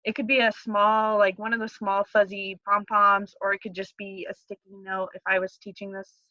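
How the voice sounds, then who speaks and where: Woman teacher, monotone lesson-plan walkthrough, dry lo-fi sound. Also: mid-range voice, moderate pace, dry recording. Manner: plain, steady explanation with fillers. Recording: dry, dull lo-fi recording.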